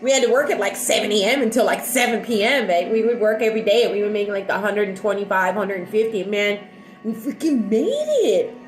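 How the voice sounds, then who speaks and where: A woman vlogger chatting casually with her viewers, talking fast and loud with restless, excitable energy. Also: medium pitch, echoey room, faint music behind, rough recording. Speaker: live-stream vlogger. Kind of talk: casual rambling chat with viewers.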